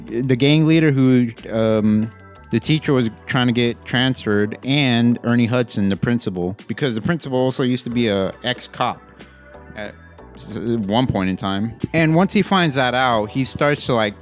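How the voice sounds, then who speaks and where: A man giving a casual, rambling, profane movie review, getting animated as he rants. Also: mid-range voice.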